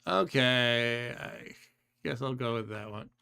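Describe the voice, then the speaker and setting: A man's voice: mid-range voice, slow, creaky, bright, forceful tone, smooth. A man casually commenting on his own game during a live stream, thinking aloud, trailing off and laughing often. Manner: chatty, laughs often, reads chat aloud. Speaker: streamer playing a computer game.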